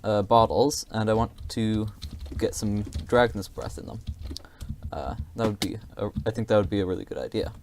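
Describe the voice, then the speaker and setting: A man's voice: lowish voice, fairly even intonation, normal speed, noisy background. A man giving casual, rambling gameplay commentary, hesitant and self-deprecating, with many fillers.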